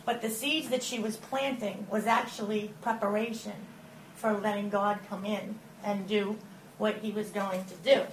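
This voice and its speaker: A woman giving a lively personal testimony at church, telling her story with acted-out quotes. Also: mid-range voice, normal speed. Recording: echoey room with faint noise.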